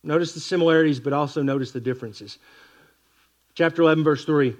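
Here a fairly high-pitched male preacher delivers an expository sermon, giving the scripture readings a slow, weighty treatment. Now and then he tosses wry remarks to the congregation.

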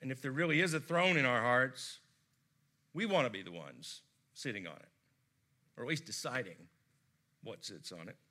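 An American man preaching a sermon, telling stories expressively and swinging from loud emphasis to hushed tones. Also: mid-range voice, animated, normal speed, long pauses. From United States. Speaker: pastor.

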